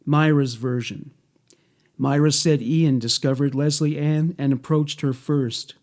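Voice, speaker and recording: Male narrator, slightly high voice, unhurried and measured, plain documentary read. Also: steady tone, darkish tone. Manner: measured, matter-of-fact reading.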